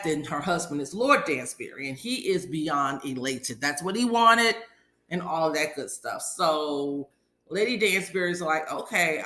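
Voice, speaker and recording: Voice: mid-range voice, bright, forceful tone, roomy sound. A podcast host giving a casual episode recap, retelling scenes in a chatty way and acting out quotes from the characters.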